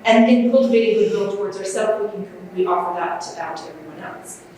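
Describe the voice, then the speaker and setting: Woman presenter, gentle unhurried delivery, heavy room echo, faint ambience. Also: medium pitch, recorded from a distance, a little hiss or hum. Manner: gentle, unhurried, with fillers and restarts. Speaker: conference presenter. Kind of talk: workshop talk on self-compassion. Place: large conference room.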